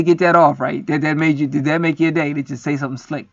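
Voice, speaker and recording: A man rambles through a profane, preachy monologue, swearing freely as he goes. His voice sits a little high. The recording is dry and dull, with a lo-fi edge. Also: fairly even intonation, fast, vocal fry, dry recording. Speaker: spiritual video host. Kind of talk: casual monologue to camera.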